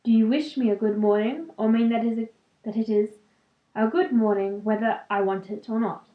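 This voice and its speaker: A woman reading aloud as a wry, persistent old male wizard, her voice slightly lowered and stumbling now and then. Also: steady tone, moderate pace, roomy sound, lo-fi sound, lightly acted.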